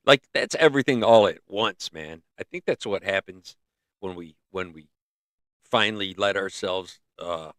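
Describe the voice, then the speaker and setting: The recording is studio quality, close-miked and free of room sound, capturing a middle-aged man's lowish, fairly bright voice. He hosts a livestream from northern North America, musing and rambling casually with many restarts while his throat gives out.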